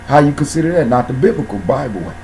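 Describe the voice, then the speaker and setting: A man hosting a casual talk show, speaking in slang and shouting out viewers by name. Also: medium pitch, lively intonation, fast, slight background noise, low-quality recording. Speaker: host.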